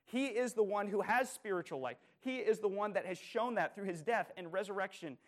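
A man preaching a sermon as pastor, earnest and emphatic, asking his listeners repeated questions and dropping to quiet, soft phrases. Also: high-pitched, brisk.

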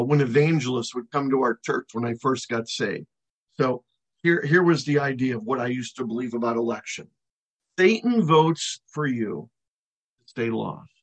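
Husky male preacher, dramatic emphasis. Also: medium pitch, a bit bright, rough recording. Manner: emphatic, slows to stress key words, drops to near-silent on final words. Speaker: pastor. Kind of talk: expository sermon.

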